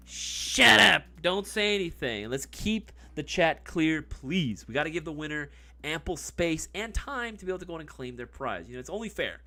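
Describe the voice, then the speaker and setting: A man's voice: on the high side, fairly bright tone. A man hosting a casual livestream giveaway, joking and swearing, talking back to the live chat. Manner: swears loosely; mock ASMR murmur. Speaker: livestream host.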